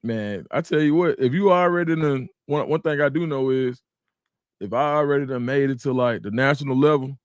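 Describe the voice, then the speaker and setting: A man at a mid-pitched, ordinary register, hosting a relaxed livestream from a small room at home. He talks in a loose, conversational way and greets viewers by name. His voice is close and dry on a desk mic. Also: brisk, clean tone, dry recording. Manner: laid-back, talks straight to viewers, greets chat by name. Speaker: livestream host. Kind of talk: casual livestream chat.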